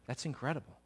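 A man preaching a sermon, retelling scripture dramatically, acting out the voices and swinging from loud to hushed.

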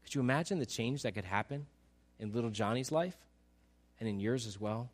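A male pastor preaching a sermon, pleading with rhetorical questions that rise for emphasis and then drop soft. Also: medium pitch, expressive, fairly quick.

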